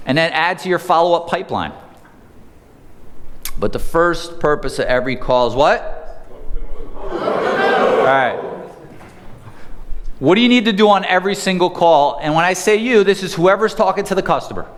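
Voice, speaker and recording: Male sales trainer, fairly high voice, punchy live-seminar delivery, long hall echo. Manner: energetic, conversational, asks the audience questions. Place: seminar room.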